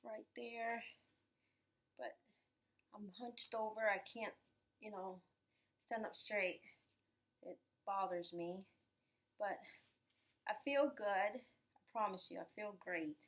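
A woman's voice: medium pitch, slow pace, long pauses, a bit bright. Woman, thirties, home vlog, tired and sore, emotional, apologetic, rambling. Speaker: vlogger recovering from surgery. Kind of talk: casual personal vlog.

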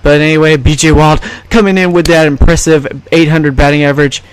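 Man, casual game commentary, smooth clear voice, dry close sound, rambling and jokey. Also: a little high, steady tone, a little fast, no room sound. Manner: rambling, jokey, self-correcting. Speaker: gaming YouTuber.

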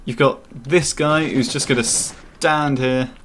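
A man giving relaxed running commentary over a survival game. His pitch sits in the everyday middle, and he talks playfully to the characters on screen as he goes. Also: slow pace, a little hiss or hum. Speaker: gaming channel host. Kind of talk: casual gameplay commentary.

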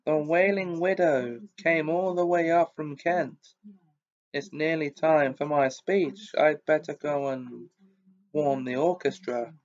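A man voicing a proud, prickly old gentleman ghost in a storybook reading, on a dull lo-fi recording. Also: a little high, slow. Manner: proud, then bitter.

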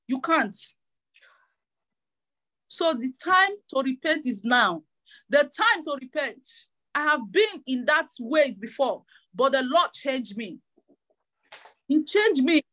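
Woman preaching hard, high voice, keeps repeating herself and stumbling on words. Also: fairly bright tone, highs cut off. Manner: fervent, repeats phrases, stammering restarts. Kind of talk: sermon.

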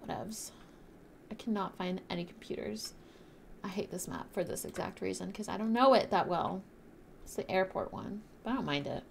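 A young woman streaming a game live, chatting bubbly with her viewers and teammates and bursting into loud shrieks. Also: on the low side, lively intonation, normal speed, creaky, slight background noise. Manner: talks to chat and teammates while playing.

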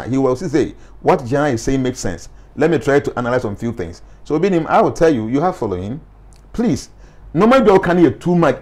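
In a lively interview, a life coach with a Ghanaian accent mixes Twi phrases into his English. His voice sits slightly high.

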